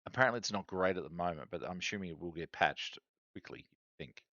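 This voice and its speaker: A low-pitched Australian man in his forties chats loosely on a stream, wandering between thoughts with plenty of ums and restarts. The sound is dry and a little dull, as from a modest home setup. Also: animated, quick pace, bright, forceful tone, no echo. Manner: rambling, chatty, many fillers and restarts. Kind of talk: casual stream chat.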